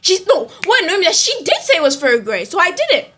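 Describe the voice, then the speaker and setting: A woman's voice: very high-pitched, wildly swooping pitch, fast talker, fairly bright tone. A young woman chatting on a podcast, telling school stories dramatically and laughing through her words. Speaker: podcast host. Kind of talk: casual chat.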